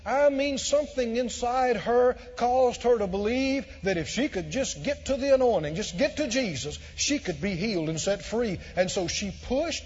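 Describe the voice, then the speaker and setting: A man preaching a sermon to a congregation, emphatic and repetitive, building to loud shouted peaks. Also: very high-pitched, expressive, moderate pace, hardly any pauses, in a large hall, lo-fi sound. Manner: emphatic, repeats phrases, swells to shouts.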